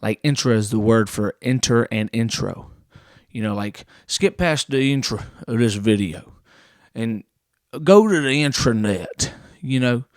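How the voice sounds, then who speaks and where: Rambling deadpan young comedian. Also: male voice, medium pitch, dry recording, clean studio sound. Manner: rambling, filler-heavy, self-correcting. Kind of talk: absurd deadpan comedy monologue.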